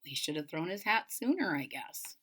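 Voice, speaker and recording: A woman reading a children's storybook aloud, playful and expressive, with chatty asides to young listeners. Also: fairly low pitch, moderate pace. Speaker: storybook reader.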